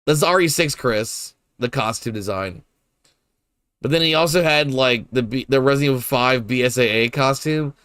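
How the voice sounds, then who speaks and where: A man's voice: mid-range voice, moderate pace, a bit bright, clear, resonant tone, no echo, studio quality. A young man giving casual, rambling commentary while he streams a game, swearing freely and laughing often.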